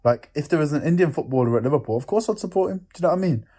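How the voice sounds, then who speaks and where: A young man co-hosting a podcast, talking in lively casual banter and laughing often. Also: a little high, rapid-fire. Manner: animated, laughs often, jokey. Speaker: podcast co-host.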